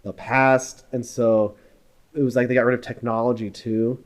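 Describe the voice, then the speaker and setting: A man co-hosting a film podcast, talking in an animated, chatty way and jumping between thoughts. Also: medium pitch, moderate pace. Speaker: podcast co-host. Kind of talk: casual film discussion.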